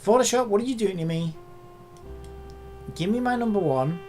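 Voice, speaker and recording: A content creator talking casually while working at a computer, muttering and swearing at the software in exasperation. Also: medium pitch, lively intonation, moderate pace, soft background music.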